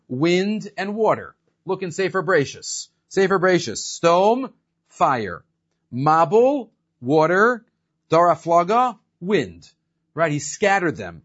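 A man's voice: high voice, slightly rough. A man teaching an evening Torah class, telling stories, acting out the quotes and mixing Hebrew phrases into his English. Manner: animated storyteller who acts out the quotes; mixes Hebrew phrases into English and restates them. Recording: dull lo-fi recording.

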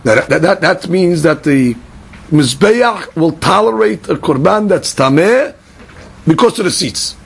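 Gravelly high-voiced man teaching Talmud. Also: unhurried. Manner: animated, questioning, repeats words, mixes Hebrew and Aramaic terms into English. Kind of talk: Talmud study lesson.

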